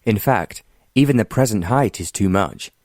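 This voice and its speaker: A man voicing a mild, wry former naval officer, an earl who stays calm and stubborn in a romance audiobook. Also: on the low side, normal speed, no room sound, clean studio sound.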